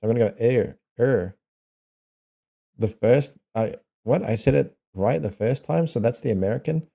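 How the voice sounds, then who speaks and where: A man's voice: medium pitch, normal speed, vocal fry, warm tone. A man with a New Zealand accent chatting casually with viewers, playfully sounding out foreign words and laughing often. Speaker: streamer.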